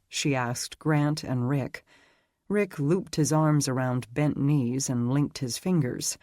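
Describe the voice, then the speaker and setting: Measured male audiobook narrator, dry sound. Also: mid-range voice, darkish tone, no echo. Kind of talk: scripted narration.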